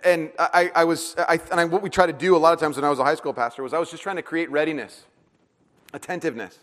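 A man's voice: on the high side, fast. A middle-aged man preaching a sermon, a pastor telling self-deprecating stories and acting out the voices in them. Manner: storytelling, self-deprecating, animated retelling with acted-out voices. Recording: long hall reverb.

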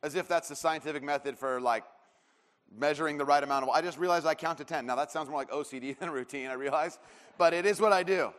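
A man in his thirties preaches a sermon in a loose, storytelling way, circling back through fillers and restarts before he lands each point. His voice sits a little higher than most men's, and it rings out with a long reverb, as if in a large hall. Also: fast, a bit bright. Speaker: pastor.

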